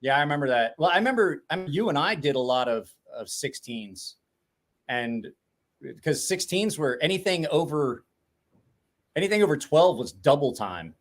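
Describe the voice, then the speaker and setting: Man in his 40s, brisk rambling storyteller, lots of cussing, voice a touch high. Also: very animated. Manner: rambling storyteller, swears constantly, laughs often. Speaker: podcast host. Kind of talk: casual profane chat.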